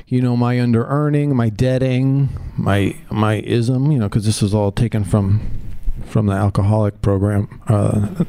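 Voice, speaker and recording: A man in his forties giving a candid, profane personal share at a twelve-step meeting, halting with fillers, into a microphone. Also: mid-range voice, a little mellow, no echo. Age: 40s. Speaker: member sharing at a recovery meeting. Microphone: handheld microphone on a PA.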